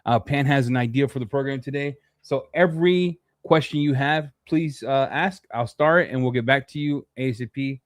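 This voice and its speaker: A man's voice: medium pitch, moderate pace, few pauses, no echo, studio quality. A man moderating comments on a casual livestream, joking and laid-back.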